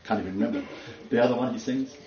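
A man's voice: medium pitch, warm tone. A man giving a homely, unscripted sermon. He rambles, hesitates and laughs at his own stories. His voice carries in a roomy space on a dull, muffled recording. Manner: rambling, halting, chuckling asides. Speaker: preacher. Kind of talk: informal sermon with anecdotes.

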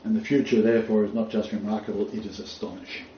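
A man's voice: on the low side, little pitch movement, fast talker. A man preaching a sermon, quoting scripture emphatically and rising on key phrases. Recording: roomy, distant, dull, faint noise.

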